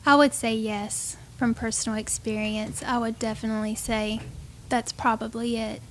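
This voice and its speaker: A woman co-hosting a marriage podcast, answering quietly and briefly in agreement. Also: fairly high pitch, flat delivery, moderate pace. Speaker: podcast co-host. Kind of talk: casual marriage podcast talk.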